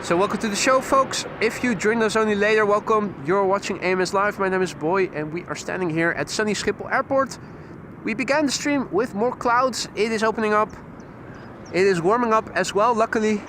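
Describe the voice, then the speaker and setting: A Dutch man hosting a live plane-spotting stream outdoors beside an airport runway, giving steady, informative commentary on arriving flights. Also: high-pitched, fairly quick, background noise. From Netherlands. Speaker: plane-spotting livestream host.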